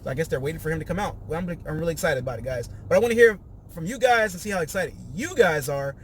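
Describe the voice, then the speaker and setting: A man's voice: fairly high pitch, lively intonation, racing, slight background noise. A man hosting a casual podcast, recapping a reality show and acting out quotes in raised voices.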